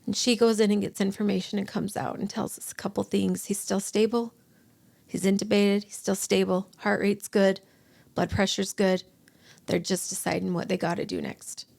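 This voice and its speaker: Emotional woman with a creaky voice. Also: mid-range voice, level tone, a little mellow. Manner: halting, with restarts and acted-out quotes. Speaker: guest. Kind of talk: emotional personal storytelling.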